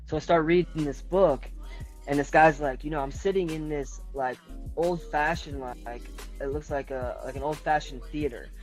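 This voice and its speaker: A man's voice: on the high side, moderate pace, darkish tone, faint music behind, low-quality recording. A man telling a long personal story as a podcast guest, rambling and filling nearly every phrase with "like". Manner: rambling, leans heavily on filler "like". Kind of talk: personal story in casual conversation.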